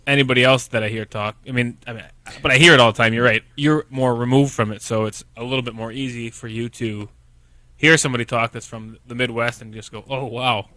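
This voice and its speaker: Co-host: young Michigan-accented man, quick, rambling, dry close sound. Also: mid-range voice, fairly even intonation, pushed and bright, no room sound. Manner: rambling, halting restarts. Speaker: podcast co-host. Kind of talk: casual chat.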